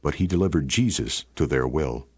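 Deep-voiced guy reading bible passages, steady formal delivery, dry mic. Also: normal speed, breathy edge, no echo. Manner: steady, formal storytelling cadence. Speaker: scripture narrator.

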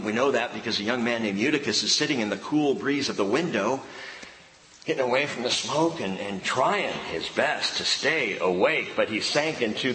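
A man preaching a sermon as a pastor, shifting from loud animated bursts to hushed, slow emphasis. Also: medium pitch, a little hiss or hum. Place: church hall. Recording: roomy hall reverb, faint background ambience.

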